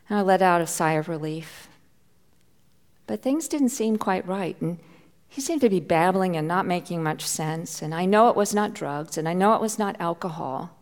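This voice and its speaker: A woman's voice: fairly low pitch, a little mellow, in a large hall. A middle-aged woman pastor preaching a sermon, telling a personal story with heartfelt feeling and sometimes dropping to a near whisper. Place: church.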